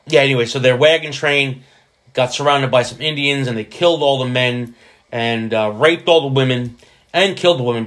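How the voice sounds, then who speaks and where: A man's voice: mid-range voice, fairly bright tone. A man hosting his own podcast in a casual, rambling monologue, often restarting his sentences. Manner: slips into jokey put-on voices. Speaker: podcast host.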